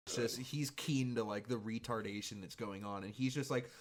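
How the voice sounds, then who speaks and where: A man's voice: fairly low pitch, moderate pace. Young guy telling a profane story. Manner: profane, laughing, rambling. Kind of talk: casual storytelling.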